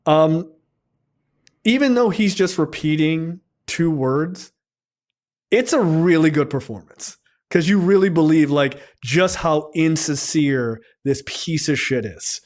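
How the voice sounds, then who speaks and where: On a laid-back film review podcast, this co-host is blunt, swears a lot and rambles freely. He speaks slowly in a slightly high, slightly mellow voice.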